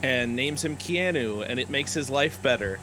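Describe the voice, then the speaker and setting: A man co-hosting a live game stream, chatting casually and animatedly, his voice leaping up when excited and laughing often. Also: mid-range voice, moderate pace, background noise. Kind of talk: casual chat.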